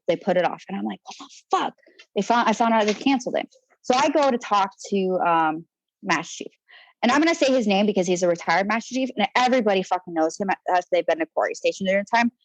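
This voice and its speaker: This young Navy sailor, a podcast guest, shares her personal story candidly, with heavy profanity, rambling, restarts and trailing fillers. She speaks in a mid-range voice. The audio is poor, with no room sound.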